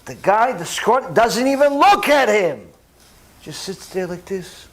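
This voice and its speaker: A rabbi giving a sermon, telling stories with emphatic repetition and animated delivery. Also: male voice, high voice, a little slow. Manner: repeats phrases for emphasis.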